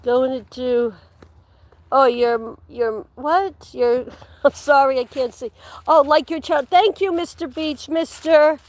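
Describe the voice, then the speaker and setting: Her voice sits high and moves slowly as this livestream host walks through the woods, chatting and rambling casually. She laughs frequently and sometimes whispers, with no room sound in the recording.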